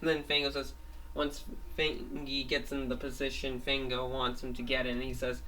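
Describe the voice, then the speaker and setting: A man's voice: mid-range voice, flat delivery, normal speed, hardly any pauses, sharp tone, recorded from a distance, slight background noise, low-quality recording. A man retelling a made-up episode in a rambling way, full of restarts. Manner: rambling, many restarts and fillers. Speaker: storyteller.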